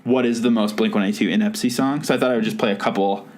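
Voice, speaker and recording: A man's voice: fairly low pitch, fairly even intonation, very fast, a little hiss or hum. A man hosting a podcast in casual chat, rambling and laughing at his own stories. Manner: rambling, self-amused, laughs often. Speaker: podcast host.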